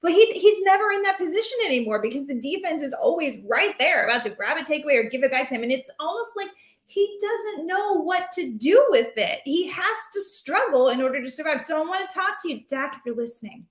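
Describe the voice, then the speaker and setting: A woman chatting about fantasy football in an animated, rambling, playful way. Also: sits high, a little fast. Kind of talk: casual sports chat. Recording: roomy echo.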